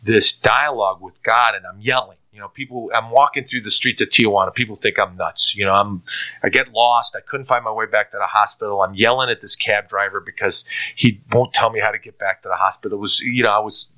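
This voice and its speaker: A middle-aged man giving a personal faith testimony in an earnest, halting way, often restarting and repeating words. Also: lowish voice, fairly even intonation, pushed and bright. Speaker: testimony speaker.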